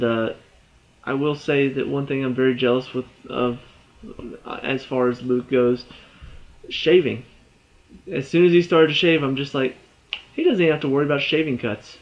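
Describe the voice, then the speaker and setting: A man talks through a TV episode review in a loose, chatty way, with lots of fillers and side remarks. His voice sits at a middling pitch. The recording sounds a little dull and lo-fi. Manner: rambling, chatty, many fillers. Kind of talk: casual spoken review.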